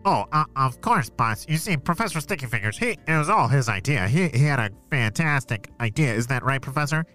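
Eager, fawning henchman, bright and lively, man doing it. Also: medium pitch, brisk, faint music behind. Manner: bright, hesitant, uh-filled.

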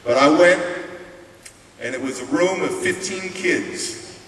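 A man's voice: a little high, takes it slowly. A middle-aged American man telling a life story in a conversational keynote speech. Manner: animated and conversational. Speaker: motivational speaker. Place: large hall. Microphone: distant room mic. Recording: echoey hall, distant mic, faint hiss.

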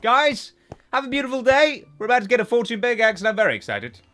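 A young man giving casual Let's Play commentary, chatty and talking to the game animals, with sudden excited outbursts. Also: extremely high pitch, quick pace. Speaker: gaming YouTuber.

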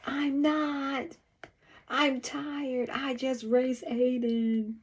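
A woman's voice: sits high, flat delivery, extremely slow, breathy edge, voice pushed up, full character voice. A woman reading a children's book aloud, voicing a tired young boy who urges his sister to hold still. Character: tired, plainspoken young boy, older brother.

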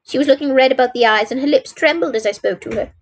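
A woman's voice: high-pitched, fast, slightly rough. A woman voicing a boastful male police detective. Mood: telling.

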